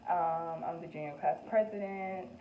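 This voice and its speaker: A woman's voice: on the low side, normal speed. A young woman vlogger chatting candidly through get-to-know-me questions, with lots of "like" and "um" and frequent laughs. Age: young adult. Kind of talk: casual chat. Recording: echoey room, tinny phone-like sound, faint background noise.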